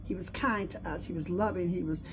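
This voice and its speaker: A woman's voice: lowish voice, noisy background. A middle-aged woman hosting her own talk show, telling a personal story in an earnest, reflective way. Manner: earnest storytelling with pauses and restarts. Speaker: host.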